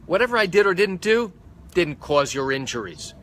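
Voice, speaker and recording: A man voicing an indignant male doctor who protests and shifts blame, in a higher voice than his own. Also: very animated, normal speed, fairly bright tone, slight background noise. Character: indignant defensive male doctor being sued.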